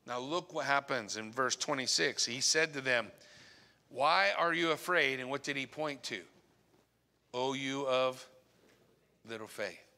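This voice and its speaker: A man preaching a sermon as pastor, earnest, often dropping to a hushed voice on key points. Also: medium pitch. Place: church sanctuary. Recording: long church reverb.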